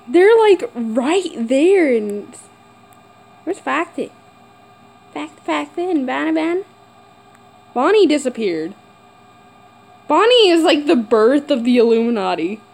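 A woman's voice: high-pitched, sing-song, takes it slowly, gravelly, pauses often, darkish tone, low-quality recording. A woman playing a horror game and talking to herself, jumpy and nervous, squealing and giggling. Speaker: gamer. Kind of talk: horror game let's play commentary. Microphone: camera mic.

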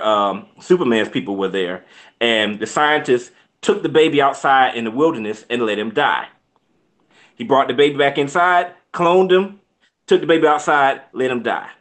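A man in a loose, chatty review conversation, speaking at an ordinary middle pitch. He rambles through restarts and breaks into laughter often. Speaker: co-host reviewing a film. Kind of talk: casual review chat.

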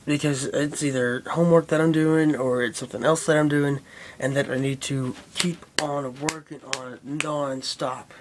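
A man's voice: fairly high pitch, steady tone, moderate pace, slight background noise. A young man rambling casually and profanely to his camera, with lots of fillers. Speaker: vlogger. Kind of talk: casual vlog chat.

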